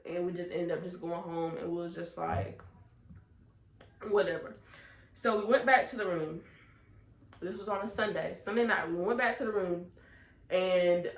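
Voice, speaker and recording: A young woman, from North Carolina, telling a storytime tale in an animated way full of fillers. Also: fairly low pitch, roomy sound, poor audio. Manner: animated, talks her way through the story with many fillers. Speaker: vlogger. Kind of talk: storytime chat.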